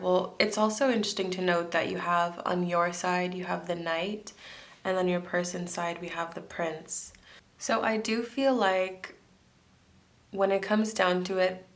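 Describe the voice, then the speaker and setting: A woman's voice: lowish voice, a bit bright. A woman from France giving a pick-a-card tarot reading, chatty and musing, often thinking aloud with fillers and restarts. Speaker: tarot reader.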